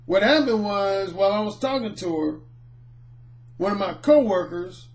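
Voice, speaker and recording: Man with a high voice, middle-aged, dating coach, lively storytelling monologue. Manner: animated, acts out the people in his anecdotes.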